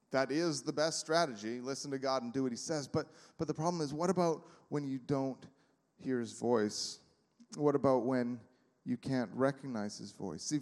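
A man's voice: mid-range voice, darkish tone. A man preaching a sermon in a church, speaking conversationally with many fillers and acting out little quotes. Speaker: pastor. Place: church sanctuary. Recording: reverberant hall.

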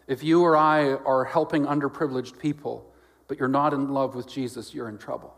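A man preaching a sermon as pastor, swinging between loud exclamations and quiet, lowered lines, and acting out quoted voices with jokes. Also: steady tone, brisk, gravelly.

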